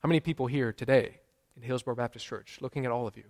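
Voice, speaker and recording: A man's voice: mid-range voice, very fast, darkish tone, big-room sound. A man preaching a sermon as pastor, earnest, repeating key phrases and quizzing his congregation. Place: church sanctuary.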